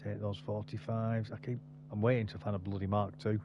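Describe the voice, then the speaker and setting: A man's voice: on the low side, little pitch movement, fairly quick, lo-fi sound, background noise. A man chatting offhandedly while playing a survival game with a friend. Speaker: gamer. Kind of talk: casual gaming chat.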